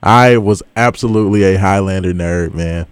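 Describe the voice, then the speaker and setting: A man's voice: deep voice, moderate pace, clean tone, no echo. A man hosting a morning radio show, chatting casually and laughing often. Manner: laughs often, enthusiastic fan talk. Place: radio studio.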